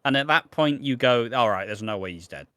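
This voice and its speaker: A man's voice: medium pitch, lively intonation, brisk, bright, forceful tone, no echo, studio quality. A man co-hosting a podcast, chatting casually and teasing as he quotes characters from a soap. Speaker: podcast co-host. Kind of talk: casual chat recapping a soap.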